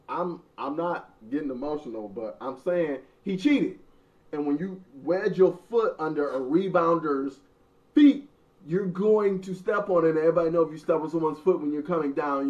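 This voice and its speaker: A man's voice: on the high side, moderate pace, a little mellow, far from the mic. A man in his thirties, the host, telling a funny story in a joking, mock-dramatic way. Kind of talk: casual storytelling. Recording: muffled sound from off mic.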